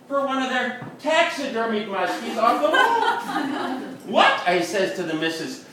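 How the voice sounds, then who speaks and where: A boastful Wisconsin fisherman, played by a man, spins a comic tall tale in folksy, ungrammatical talk. His voice sits fairly high and bright, swooping up and down with lively energy. It sounds like a live stage recording, heard from some distance in a very echoey room. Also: slight background noise, heavily acted. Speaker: performer at a live reading. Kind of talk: comic character monologue. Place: upstairs room of a bar at a live reading. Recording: echoey room, mic far off.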